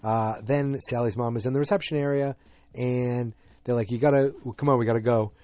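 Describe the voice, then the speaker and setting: A man's voice: mid-range voice, steady tone, a little fast, dark tone, dry recording. A man hosting a podcast, chatting through an episode recap in a rambling way that flares into exasperation. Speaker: podcast host.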